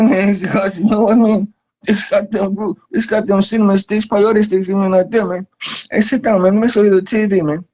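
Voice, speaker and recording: A man's voice: high voice, darkish tone. A man delivering a rambling, profane comic monologue, saying "man" at the end of nearly every line. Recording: dull lo-fi recording.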